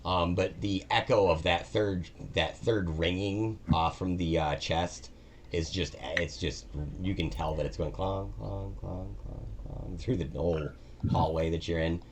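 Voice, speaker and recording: Deep-voiced male game master, relaxed narration, faint noise. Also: unhurried. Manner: relaxed, filler-heavy narration.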